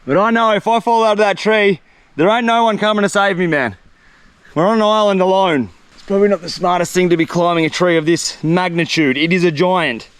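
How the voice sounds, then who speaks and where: A young man, chatting excitedly and slangily to the camera while exploring a tropical jungle outdoors. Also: high-pitched, a little fast, clear, resonant tone, no echo. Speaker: survival vlogger. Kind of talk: solo outdoor vlog narration.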